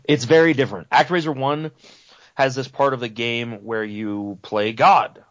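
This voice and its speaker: Male co-host, mid-pitched, easygoing explainer, dry and dull mic. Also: fairly even intonation, normal speed, dry recording. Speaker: podcast co-host. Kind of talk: casual chat.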